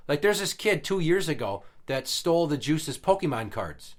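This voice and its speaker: A man's voice: on the high side, lively intonation, normal speed, hardly any pauses. A man in his thirties co-hosting a podcast, telling stories in a blunt, profane, casual way. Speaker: podcast co-host.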